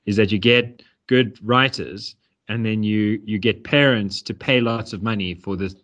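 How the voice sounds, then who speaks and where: A man's voice: fairly low pitch, normal speed, fairly bright tone, dull audio. A man co-hosting a podcast, rambling and joking with stammering restarts. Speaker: podcast co-host. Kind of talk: casual political chat.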